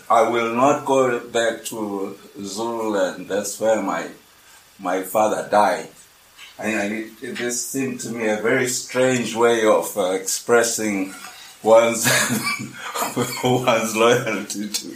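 An older man from South Africa telling a personal story in a halting way, full of restarts and fillers. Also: lowish voice, slight background noise. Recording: echoey room.

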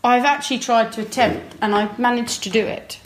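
A young woman from England chatting casually as co-host, wry and quick to laugh. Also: fairly high pitch, fairly even intonation, a little hiss or hum. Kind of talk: casual chat.

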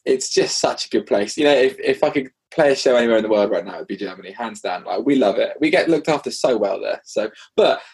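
A man, a pop punk musician guest, telling tour stories in an animated, swearing, casual way. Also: medium pitch, fast talker, few pauses, slightly rough, low-quality recording. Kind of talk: casual interview chat.

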